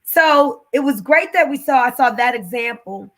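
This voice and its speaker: Lead female host, high bright voice, emotional storyteller who gets loud when moved. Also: normal speed. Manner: animated, gets emotional, raises her voice at the peak of the story. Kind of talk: emotional testimony in a casual conversation.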